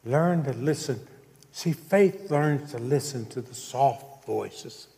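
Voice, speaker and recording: A man's voice: mid-range voice, expressive, slow, creaky, warm tone, in a large hall. A man preaching a sermon, telling a story and checking in with his congregation as he goes. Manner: preaching with call-outs to the congregation. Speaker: pastor.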